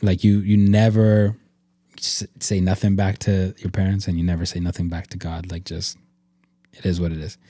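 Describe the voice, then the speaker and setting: A man's voice: deep voice, little pitch movement, moderate pace, mellow, no echo. A man hosting a casual faith-based podcast chat, talking in an earnest, reflective way and leaning on lots of "like" fillers. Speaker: podcast host.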